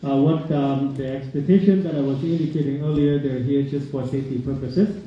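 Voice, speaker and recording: A man's voice: mid-range voice, fairly even intonation, brisk, dark tone. A man moderating a public meeting, polite and hesitant with many fillers. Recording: echoey hall, dull lo-fi sound, faint hiss.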